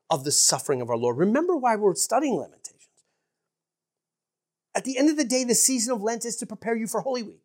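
A woman preaching a sermon in an earnest, emphatic way, dropping to hushed asides for effect. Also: medium pitch.

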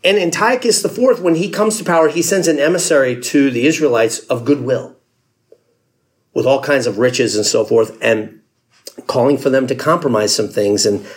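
A man's voice: medium pitch, moderate pace. A man preaching a sermon in a conversational storytelling way, acting out the people in the story. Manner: conversational storytelling, acts out quotes with laughs. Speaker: pastor.

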